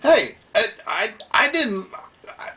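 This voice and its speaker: A man's voice: high-pitched, sing-song, takes it slowly, sharp tone, far from the mic, pitched above the performer's own voice, heavily acted. A man voicing a confused, indignant young man who stammers and repeats himself. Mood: baffled.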